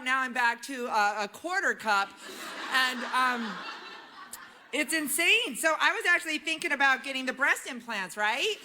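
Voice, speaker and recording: High, bright-voiced woman doing stand-up. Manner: chatty and animated, many "right?" tags. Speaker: stand-up comedian. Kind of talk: stand-up comedy set. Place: comedy club stage with a live audience.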